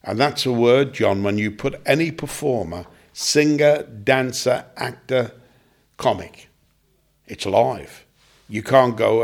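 An older man talks about the comics he worked with, with the easy timing of a seasoned entertainer. He tells anecdotes and breaks into short character voices to land a point. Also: medium pitch. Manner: anecdotal, slips into quick comic impressions. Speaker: veteran comedian guest. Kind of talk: reminiscing casual chat.

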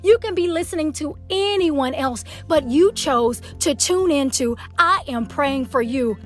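A woman's voice: sits high, measured pace, faint music behind. A woman from Georgia with a Southern accent, hosting an inspirational prayer podcast, emphatic and encouraging, with lots of "y'all" and "come on.". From Atlanta, Georgia. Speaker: podcast host.

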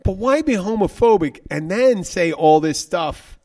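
A man co-hosts a radio talk show, spinning a rambling bar story. His voice sits on the higher side, and he slips into quoted voices as he goes. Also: measured pace. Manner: rambling, animated, acts out quotes. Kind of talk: casual on-air storytelling.

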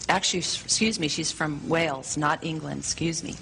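A woman's voice: deep voice, fairly even intonation, brisk, gravelly, fairly bright tone, a little hiss or hum, poor audio. A woman preaching, telling a story to a congregation in an enthusiastic, breezy manner. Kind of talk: sermon storytelling.

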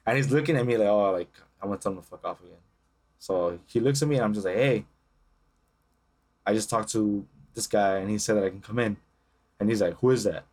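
He is a young man co-hosting a casual podcast, talking fast with a loose, profane energy. He acts out the people in his stories and keeps the conversation moving. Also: on the low side. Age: young adult. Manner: profane, animated storytelling with acted-out quotes. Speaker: podcast co-host. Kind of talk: casual chat.

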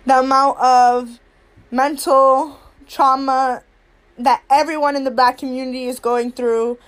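Young woman, high voice, impassioned monologue, raw and outspoken. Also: level tone, unhurried. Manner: blunt, heated and profane, swinging between anger and weary sorrow.

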